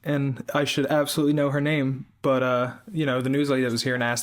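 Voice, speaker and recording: A man's voice: medium pitch, level tone, fast talker, few pauses. Joking man co-hosting a craft chat. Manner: joking, laughs often, talks of being stressed. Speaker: podcast co-host. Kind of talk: casual chat.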